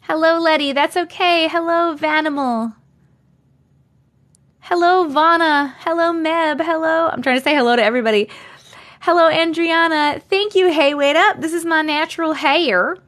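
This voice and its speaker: A woman's voice: high voice, fairly even intonation, moderate pace, a bit bright. A woman in her thirties hosting a casual live stream, bubbly and chatty, greeting viewers by name and reading their comments aloud into a desk mic. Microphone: desk condenser mic.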